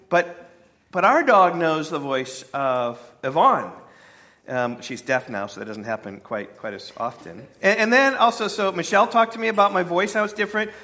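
A man's voice: a little high, bright, forceful tone. A man, the pastor, preaching a conversational sermon with friendly asides to his congregation.

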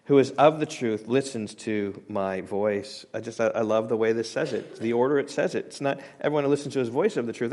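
A pastor delivers a sermon in a mid-range male voice, growing loud when he quotes scripture and then falling quiet. He is emphatic and often repeats himself or starts his sentences over.

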